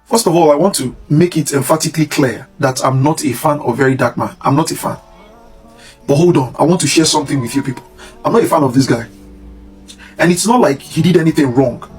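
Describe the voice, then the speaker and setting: A man holding forth in a monologue to camera, his voice sitting a little high. He lectures his listeners and drives each point home over and over. Faint music plays under him. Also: breathy edge. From Nigeria. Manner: emphatic and preachy, repeats points. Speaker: commentary channel host.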